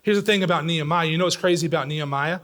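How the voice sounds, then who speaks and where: A middle-aged man preaching a sermon in a church, swinging between loud, pressing lines and hushed, near-whispered ones. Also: on the high side, racing. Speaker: pastor. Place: church sanctuary.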